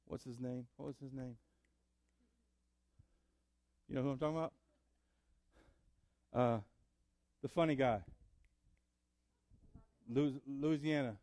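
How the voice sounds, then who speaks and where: A man preaching a sermon in church, building up to loud fervor. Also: medium pitch, steady tone, measured pace, pauses often, no echo. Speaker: pastor. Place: church sanctuary.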